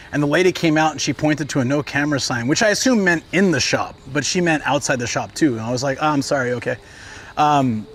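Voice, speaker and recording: A man chatting casually to viewers as he walks outdoors, with a slightly higher voice. He rambles through stories with plenty of fillers and restarts. Faint traffic and city noise sit behind him, picked up by a streaming camera. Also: a bit bright. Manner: rambling storytelling with frequent fillers. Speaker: livestreamer. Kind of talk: casual walking livestream chat. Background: traffic and city ambience.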